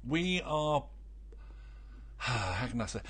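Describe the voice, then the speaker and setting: A British man bantering on air, teasing and dry, often laughing between lines. His voice moves a lot in pitch. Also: sing-song, drawn-out words, fairly bright tone, breathy edge. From Britain. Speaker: radio co-host.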